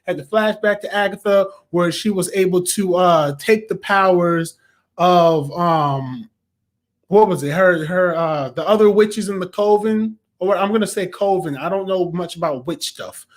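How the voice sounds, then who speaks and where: Brief: young adult male host, high voice, chatty episode reviewer. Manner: chatty and animated, acts out quotes. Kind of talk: casual video review.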